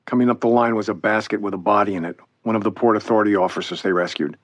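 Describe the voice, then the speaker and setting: A man's voice: lowish voice, steady tone, quick pace, no echo. A man reading a witness account for an oral history audiobook in a subdued first-person voice. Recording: dull, muffled lo-fi sound.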